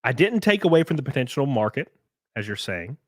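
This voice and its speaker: A man's voice: mid-range voice, fairly quick, no echo, clean studio sound. A man hosting a casual livestream, reading viewer messages and ranting, swearing and mocking critics. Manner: animated, swears, mocks critics in put-on voices. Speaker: livestream host. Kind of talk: casual livestream chat reading super chats.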